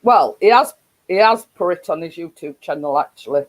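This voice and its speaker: A woman's voice: fairly low pitch, lively intonation, brisk, rough recording. A woman with a Yorkshire accent hosting a casual live stream, rambling with frequent laughs and restarts.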